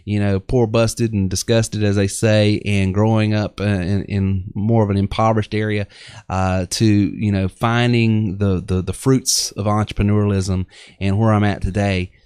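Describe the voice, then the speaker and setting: Low-voiced Southern man hosting a live show. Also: little pitch movement, normal speed, a little mellow, clear, resonant tone, no echo, clean studio sound. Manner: rambling, many fillers and restarts. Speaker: host of a live online business show. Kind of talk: casual live-stream chat with pitches.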